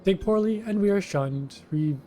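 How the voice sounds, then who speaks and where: A man's voice: high-pitched, normal speed, dark tone, faint music behind, voice pushed up, close to an everyday voice. A man voicing a whiny, self-pitying male kobold foreman who repeats himself in strings of synonyms. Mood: lamenting. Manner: repeats words in lists of synonyms, pleading.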